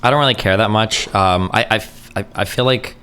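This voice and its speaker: A man with a fairly low voice hosts an online debate. He mostly listens with short acknowledgements, then cuts in to question points carefully. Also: brisk, sharp tone, clean tone. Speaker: streamer host.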